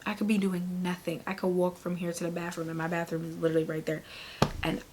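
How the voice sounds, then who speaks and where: Woman vlogger, heavily pregnant and winded; low-ish, casual, rambling delivery with breathy near-whispers. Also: little pitch movement, quick pace, a little mellow, slight background noise. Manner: chatty and rambling, many fillers, laughs often. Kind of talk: casual chat to camera.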